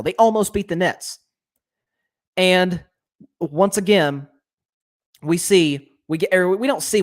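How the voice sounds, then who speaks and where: A young man hosting a sports commentary show, ranting with indignation and lots of restarts. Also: sits high.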